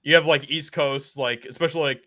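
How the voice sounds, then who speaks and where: A man from Michigan with a Michigan accent, a guest talking in a laid-back, halting way in a casual stream chat. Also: a little high, steady tone, bright, forceful tone. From Michigan, USA.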